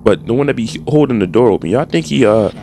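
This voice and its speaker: A man's voice: mid-range voice, fast, gravelly, a little hiss or hum. A young man doing casual, trash-talking commentary while playing a game. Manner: animated, trash-talking, slangy. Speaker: gaming streamer.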